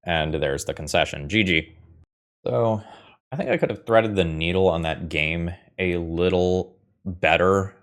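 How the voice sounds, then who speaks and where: Low male voice, casual gameplay commentator, wry and muttering, thinks out loud. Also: a little slow. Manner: wry, thinks aloud, swears when frustrated. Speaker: gaming video host.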